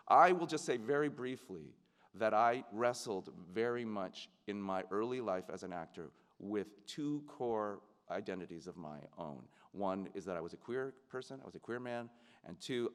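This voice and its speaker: Earnest man speaking in a reverberant hall. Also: on the low side. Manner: earnest, reflective, with many restarts and fillers. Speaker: commencement keynote speaker. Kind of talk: speech to graduates. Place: large ceremony venue.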